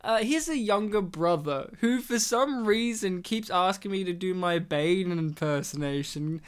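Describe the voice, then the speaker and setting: Smooth-voiced man chatting about films. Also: sits high, unhurried. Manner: laughs often, acts out scenes in quoted voices. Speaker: podcast co-host. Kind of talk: casual film commentary chat.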